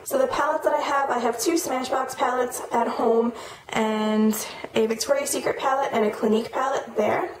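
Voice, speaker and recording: A woman's voice: fairly high pitch, fairly even intonation. Chatty young woman, echoey room. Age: young adult. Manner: chatty, lists items quickly with fillers. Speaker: beauty vlogger. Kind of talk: casual product walkthrough. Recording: echoey room with noticeable noise.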